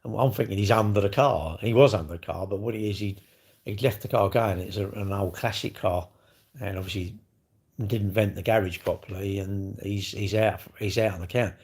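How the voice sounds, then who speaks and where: A man's voice: lowish voice, normal speed, darkish tone, husky. A middle-aged man livestreaming, telling blunt, sweary stories in casual chat to his viewers. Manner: blunt, swearing, chatty storyteller.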